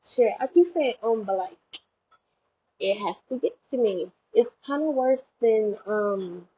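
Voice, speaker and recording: A woman's voice: lively intonation, a little slow, slightly rough. A young woman vlogging in a rambling, jokey way, full of fillers and self-mocking asides, recorded on a headphone mic. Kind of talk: casual chat. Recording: tinny low-quality headphone mic.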